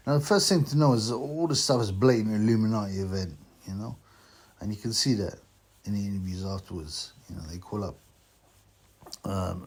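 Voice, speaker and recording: A man vlogging about boxing in a casual, rambling way, slightly drunk and slow, with many fillers. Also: lowish voice, a little mellow. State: tipsy from drinking.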